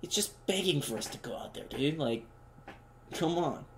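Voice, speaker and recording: A young man doing joking let's play commentary, reacting loudly and talking in slang. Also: on the high side, animated, normal speed, a little hiss or hum. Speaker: gamer.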